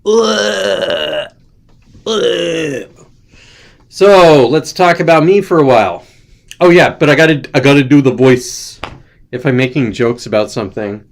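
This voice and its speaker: A man's voice: mid-range voice, moderate pace. A young adult man hosting a casual chat show, rambling and irreverent, joking loosely, sounding tired. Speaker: host.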